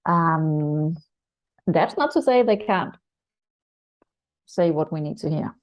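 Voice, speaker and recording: A woman's voice: low voice, expressive, slow. A woman with a Danish English accent co-hosting a casual spiritual chat show, speaking in a playful, teasing way. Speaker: podcast co-host. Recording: dull lo-fi recording.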